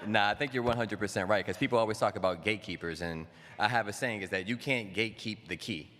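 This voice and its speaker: A man hosting a convention panel interview, playful and quick to joke. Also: lowish voice, a bit bright. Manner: playful, laughs easily, quick jokes. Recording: long convention hall reverb.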